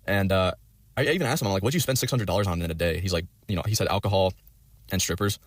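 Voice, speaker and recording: Young guy rambling thru a story, swears a ton, talks super fast, lowish voice, dry sound. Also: dry recording. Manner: profane, rambling, many fillers. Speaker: vlogger telling a story.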